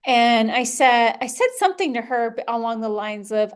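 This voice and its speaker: A young woman with a somewhat high voice hosts a personal podcast. She talks candidly and with animation, dropping casual swears and quick laughs as she tells her story. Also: lively intonation. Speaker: podcast host.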